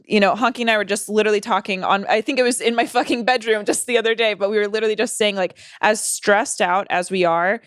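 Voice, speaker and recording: A woman's voice: mid-range voice, steady tone, quick pace, hardly any pauses, clean tone, no room sound, studio quality. A young woman co-hosting a podcast, chatting candidly and swearing often. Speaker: podcast co-host. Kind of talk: casual chat.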